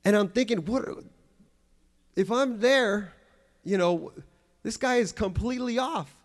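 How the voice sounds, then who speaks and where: Man, preacher, church sermon, emphatic, repeats himself, slightly higher voice. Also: measured pace. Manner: earnest, emphatic preaching with frequent restarts.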